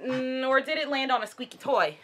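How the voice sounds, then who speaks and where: A woman vlogging a casual unboxing at home, chatty and excitable, cooing at her dogs. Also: high voice, a little fast, slight background noise.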